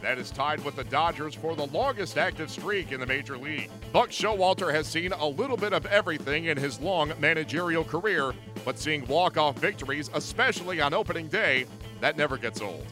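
A man's voice: on the high side, expressive, fairly quick. Male sports reporter narrating over music. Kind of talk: scripted news narration.

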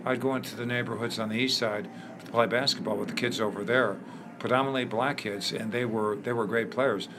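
An older man from Chicago, a guest in an interview, telling lively anecdotes with many fillers. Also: medium pitch, brisk, background noise. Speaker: interview guest, former ballplayer. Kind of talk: storytelling in a conversation.

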